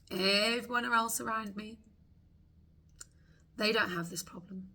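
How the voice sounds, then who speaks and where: A woman leading a guided tapping meditation, slowly voicing frustrated thoughts for the listener to repeat. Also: medium pitch, fairly even intonation, pushed and bright. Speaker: tapping coach.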